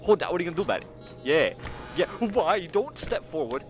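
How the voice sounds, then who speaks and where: A gaming channel host with a slightly high voice speaks a little fast and is very animated. In his horror game commentary over game music, he panics and jumps, both begging the pursuing monster and answering it back.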